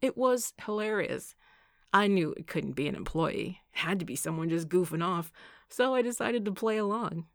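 A woman's voice: fairly low pitch, lively intonation, normal speed, no room sound, clean studio sound. A woman reading the part of a playful, teasing young man in an audiobook, speaking grandly and boisterously.

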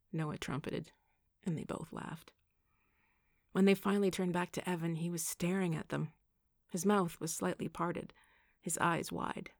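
A woman narrating a romance audiobook in an expressive storytelling manner. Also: lowish voice, measured pace, vocal fry, no room sound, clean studio sound. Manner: expressive storytelling, also voicing the heroine Kate. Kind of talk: scripted narration.

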